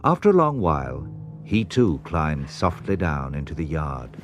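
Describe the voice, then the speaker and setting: Deep voiced guy narrating a kids storybook, expressive and animated. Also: moderate pace, over loud music. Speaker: audiobook narrator.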